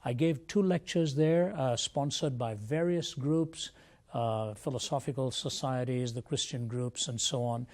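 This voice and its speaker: A man's voice: mid-range voice, a little slow, darkish tone. An older man from India, a guest speaker, giving an earnest, reflective personal testimony in an interview.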